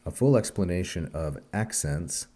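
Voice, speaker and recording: A man teaching a recorded language lesson, explaining sounds and syllables one by one in a measured, careful way. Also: low voice, animated, dark tone. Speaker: Greek teacher.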